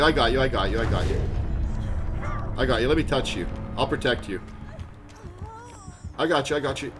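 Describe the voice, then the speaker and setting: Excitable man streaming games. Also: mid-range voice. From Canada. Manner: excitable, chatty, laughs often, greets viewers loudly. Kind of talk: live gaming stream commentary.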